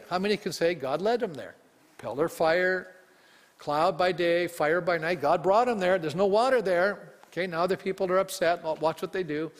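A male pastor preaching a sermon to his congregation, emphatic and full of rhetorical questions. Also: on the high side. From Canada. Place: church sanctuary. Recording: long reverb of a church hall.

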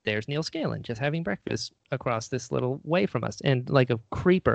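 A man chats casually and tells a story with lots of animation, putting on little voices for the people in it. His voice is mid-pitched and the sound is dry and close. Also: fairly quick, vocal fry, no echo. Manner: animated storyteller acting out quotes.

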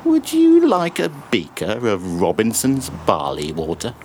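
A peculiar, overly friendly stranger who imitates soups and slurps between phrases. His smug voice swoops up and down, and he drawls every line slowly while a faint hum sits behind him. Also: lowish voice, wildly swooping pitch, darkish tone. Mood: ingratiating. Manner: smarmy, self-satisfied, making slurping sounds.

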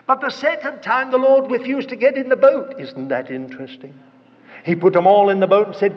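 Male preacher, dramatic storyteller, high voice, lo-fi hall reverb. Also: brisk. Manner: dramatic storytelling, acting out quotes. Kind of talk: sermon. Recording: dull reverberant hall recording.

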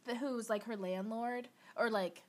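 A woman co-hosting a casual movie podcast, recapping scenes with frequent laughs and quick acted-out lines. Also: on the high side. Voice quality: lively, laughs often, acts out lines in voices. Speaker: podcast co-host. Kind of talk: casual chat about movies.

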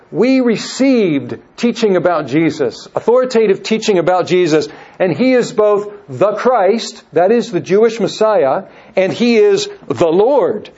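A man teaching through a Bible passage in a measured way, often repeating and restarting phrases. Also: high-pitched, darkish tone. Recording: dull lo-fi recording.

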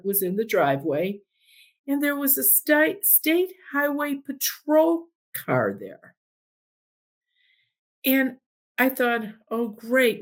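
Woman, storytelling podcast host, slow-paced, chatty, animated quoted dialogue. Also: a little high. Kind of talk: storytelling anecdote.

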